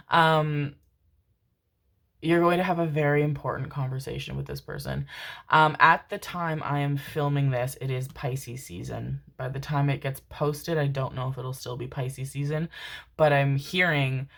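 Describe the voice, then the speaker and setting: A woman's voice: rumbling low, fairly even intonation, measured pace, gravelly. A woman giving a casual tarot reading to her viewers, rambling and emotional, calling them pet names and swearing casually. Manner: tender, calls listeners pet names. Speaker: tarot reader.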